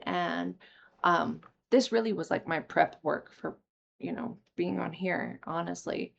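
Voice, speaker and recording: A young woman candidly telling a personal recovery story, emotional and quick to swear. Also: on the low side, creaky. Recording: slightly dull lo-fi audio.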